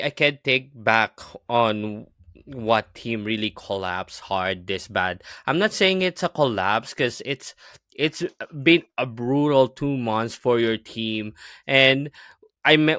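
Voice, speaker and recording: A man co-hosting a sports podcast, chatting casually with quick, halting starts. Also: medium pitch, bright, forceful tone, clean tone, dry recording, studio quality. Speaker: podcast co-host.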